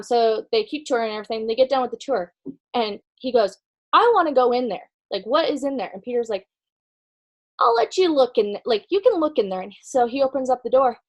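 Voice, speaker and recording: Woman chatting about faith stuff, bit high voice, lots of ums, acts out the lines. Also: rough recording. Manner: chatty, many ums and likes, acts out dialogue. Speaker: speaker sharing conference notes. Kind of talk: casual faith talk retelling a story.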